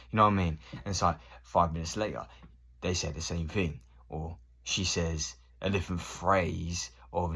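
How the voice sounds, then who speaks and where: A man's voice: sits low, fairly even intonation, a little fast, fairly bright tone, breathy edge. A man in his thirties ranting casually to camera, swearing and acting out both sides of conversations. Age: 30s. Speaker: vlogger.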